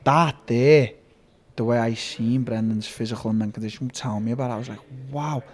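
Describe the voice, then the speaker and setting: A man, speaking as a guest in a casual sit-down interview, telling stories in a rapid, animated way with lots of swearing and restarts. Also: mid-range voice. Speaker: interviewee, fighter.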